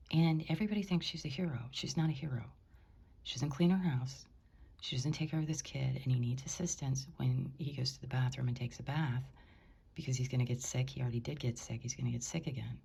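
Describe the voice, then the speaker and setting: A woman speaking in a hushed, indignant way, often whispering, as she records from her bedroom on a top floor. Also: very deep voice, gravelly, slightly rough. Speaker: concerned housemate.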